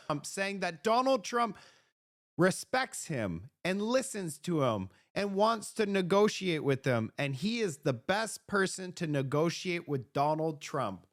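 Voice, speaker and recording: Male political commentator, high pitch, sarcastic and emphatic delivery. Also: sing-song, takes it slowly.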